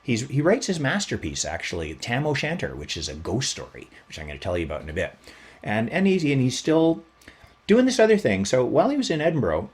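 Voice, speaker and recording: A man's voice: medium pitch, a little fast. A man hosting a podcast, telling a history story in a casual, chatty way and playing it up for fun. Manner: animated, chatty, plays up the story. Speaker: podcast host.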